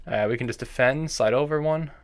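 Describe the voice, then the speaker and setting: A man's voice: mid-range voice, brisk. A man streaming his own chess game, thinking aloud move by move in half-finished phrases, with bursts of nervous fretting and self-scolding. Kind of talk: live-streamed commentary while playing online chess.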